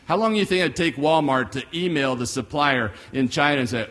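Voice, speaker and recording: A man's voice: mid-range voice, fairly quick, hardly any pauses, a bit bright. A middle-aged American man giving a blunt, folksy economic forecast speech full of rhetorical questions, recorded live in a large hall. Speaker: guest speaker, economist. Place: large hall with long reverb.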